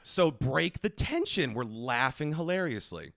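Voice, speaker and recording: A man co-hosting a podcast, telling a funny story in an animated way and slipping into put-on voices. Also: medium pitch, measured pace, vocal fry, no echo, studio quality. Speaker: podcast co-host. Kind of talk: comedic storytelling.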